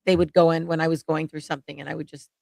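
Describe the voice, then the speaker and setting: A woman's voice: deep voice, flat delivery, very fast, creaky, a little mellow, no echo. A woman co-hosting a casual podcast chat who speaks emphatically and repeats her points.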